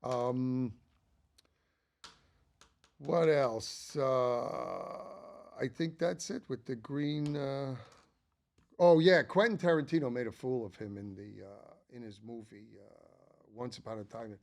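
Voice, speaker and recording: A man's voice: mid-range voice, fairly even intonation, takes it slowly, long pauses, darkish tone. Older man chatting enthusiastically. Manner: chatty and enthusiastic, rambling with asides. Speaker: channel host. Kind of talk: casual ranking monologue.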